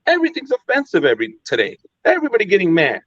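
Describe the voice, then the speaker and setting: A man from the United States in a casual chat, blunt and animated, often stammering on repeated words. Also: high voice, racing, dull audio.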